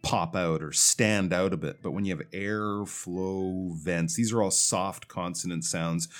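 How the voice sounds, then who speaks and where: A male English teacher with a somewhat low voice gives patient feedback on submitted recordings. He explains things plainly and stretches out example words slowly to model how they should sound.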